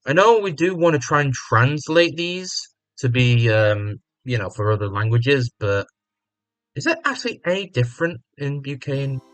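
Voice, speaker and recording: A man's voice: mid-range voice, big pitch swings, normal speed, fairly bright tone, dry recording. Rambling British man streaming a game. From United Kingdom. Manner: rambling, thinking aloud, self-questioning. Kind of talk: casual gameplay commentary.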